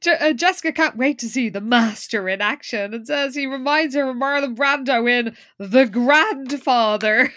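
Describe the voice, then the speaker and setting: A woman co-hosting a podcast, telling the story of an episode in lively casual chat and acting out the characters' lines. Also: sits high, moderate pace, hardly any pauses, no echo, clean studio sound. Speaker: podcast co-host.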